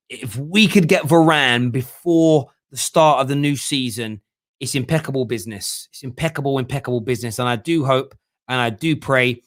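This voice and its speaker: A young man hosting a casual football fan live stream, joking and reading viewers' comments aloud. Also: medium pitch. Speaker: fan channel host.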